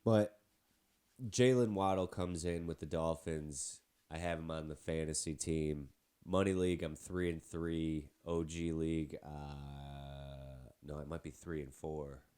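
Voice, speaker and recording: A man with a heavy cold talks sports on his own show, his voice stuffed-up and nasal. It sits very low and mellow as he rambles on with side remarks about his teams. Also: steady tone, measured pace, clean tone. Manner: chatty, rambling with asides. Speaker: podcast host. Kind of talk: casual sports podcast talk.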